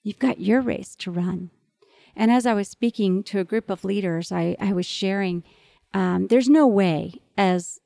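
A woman's voice: mid-range voice, gravelly, darkish tone, no room sound. A middle-aged woman hosting a podcast, talking earnestly and with animation straight to listening parents. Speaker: podcast host. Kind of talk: encouraging podcast monologue to parents.

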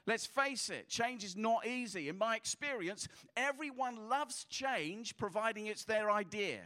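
A middle-aged man, a pastor, preaching a sermon in a conversational, animated way, telling stories and often restarting his phrases. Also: high-pitched, a little slow.

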